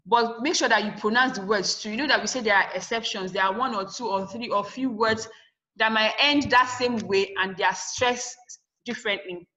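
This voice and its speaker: A woman's voice: a little high, moderate pace, sharp tone, low-quality recording. A woman teaching a lesson over a video call. She asks questions and then answers them herself, and she repeats the key points to stress them. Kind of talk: online class lesson.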